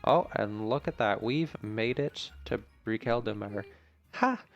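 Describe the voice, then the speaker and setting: A man's voice: fairly low pitch, animated, unhurried, faint music behind. A man commenting on a video game as he plays, chatty and jokey, thinking aloud about his moves. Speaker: gaming channel host. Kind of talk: let's play commentary.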